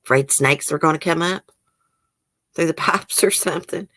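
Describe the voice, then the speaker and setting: A woman's voice: sits low, moderate pace, fairly bright tone. A woman hosting a casual live stream, chatting with viewers and reading their comments aloud. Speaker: YouTube host.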